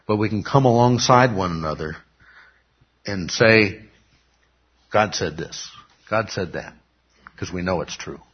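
A man's voice: fairly low pitch, measured pace, long pauses, husky. A man teaching a Bible lesson in sermon style, emphatic, asking questions and answering them himself. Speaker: pastor teaching a Bible class. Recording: dull lo-fi recording.

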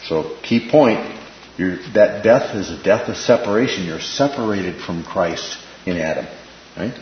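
Low-voiced and animated, the man takes his time as he leads an informal Bible study, chatting, repeating phrases and asking "right?". The recording carries a little hiss or hum, an echoey room and a dull lo-fi sound.

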